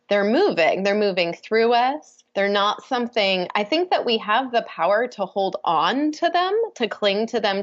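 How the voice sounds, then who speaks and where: A woman's voice: medium pitch, lo-fi sound. A woman coach, a guest on a podcast, talking in an earnest, flowing way with many fillers. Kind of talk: casual interview talk.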